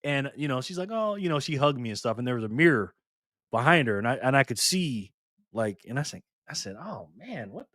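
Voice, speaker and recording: A man's voice: mid-range voice, very animated, fairly quick, a bit bright, no echo, clean studio sound. A man hosting a live stream, casually reading viewer comments and trading teasing, slangy banter with lots of laughter.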